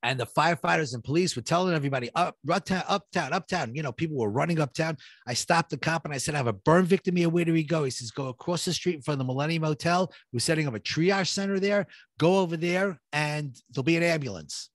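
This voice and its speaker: A middle-aged man recounts a gripping personal story, switching into the voices of the people he met along the way. His voice sits a little high for a man. The sound is close and dry, with no room around it. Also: fast talker, no room sound. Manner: vivid, reenacts dialogue, builds suspense. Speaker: guest telling his story.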